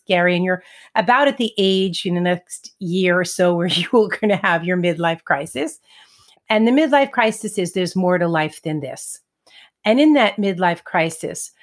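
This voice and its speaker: A middle-aged woman tells a personal story on a podcast, relaxed and chatty. Her voice sits a touch low for a woman, and she acts out quoted lines as she goes. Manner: chatty, laughs between thoughts, acts out quotes. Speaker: podcast co-host and medium. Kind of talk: casual storytelling conversation.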